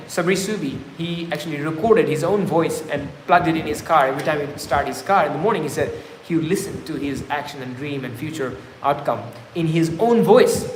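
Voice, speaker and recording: A man's voice: on the high side, a little hiss or hum. A man hosting a live stream, earnestly coaching viewers with repeated affirmations. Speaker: livestream host. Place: travelling, indoors. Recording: echoey room, faint ambience.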